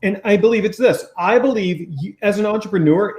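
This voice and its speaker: The coach's voice is high-pitched and darkish, brisk and nearly pause-free, raised and echoing around the room. This New Jersey man hosts a training call where loose group chatter turns into a coaching talk. He's rambling and jokey, with frequent restarts and sound effects such as "boop".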